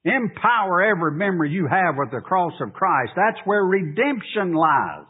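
... high-pitched, animated preacher on tinny radio. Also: male voice, breathy edge. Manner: preaching, rising to emphatic high pleas, drawn-out delivery. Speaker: pastor. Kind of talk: sermon. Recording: tinny phone-like radio broadcast.

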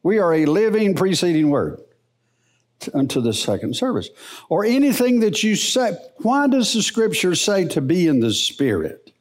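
A middle-aged man teaching the Bible in a church service, in a folksy, unhurried preaching manner. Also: high voice. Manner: slow, animated, folksy preaching.

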